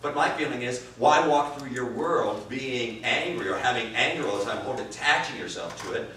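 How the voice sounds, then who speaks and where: A man teaching improv, answering interview questions in an animated way, swearing and swinging from quiet musing to loud bursts. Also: medium pitch, normal speed. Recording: distant roomy recording with faint noise.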